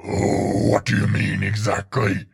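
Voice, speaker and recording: A man voicing a big spiky turtle monster father who is sheepish, talking slowly and haltingly in a flat gravelly voice. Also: on the low side, full character voice. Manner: slow, halting, flat delivery.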